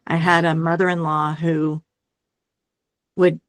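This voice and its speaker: A middle-aged woman with a low, dry, close-miked voice, speaking as a guest in a conversation. She talks in a reflective, halting way, often restarting her sentences and tagging them with a questioning "right?". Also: little pitch movement, dry recording. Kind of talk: conversational interview.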